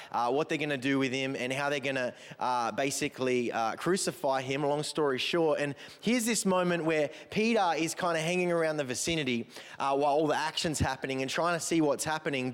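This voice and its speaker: A male pastor with a country Victorian Australian accent, giving a chatty, joking sermon full of rambling asides. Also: fairly high pitch. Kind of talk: humorous sermon. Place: church auditorium. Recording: long echo of a large hall.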